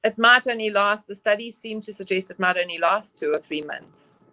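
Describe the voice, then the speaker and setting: A woman doctor answering interview questions over a remote call, explaining in a measured way with frequent pauses and fillers. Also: mid-range voice, bright, forceful tone, no room sound. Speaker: doctor guest.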